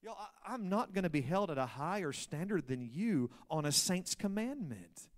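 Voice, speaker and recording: Animated preaching man with a lilt. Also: on the high side, moderate pace. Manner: animated preaching, swings from loud to hushed. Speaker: pastor. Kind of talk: sermon.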